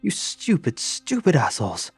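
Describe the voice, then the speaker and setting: A man voicing Eleanor, a stern, furious woman soldier with a thick accent who shouts and scolds. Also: lowish voice, steady tone, fairly quick, husky, no echo, faint music behind.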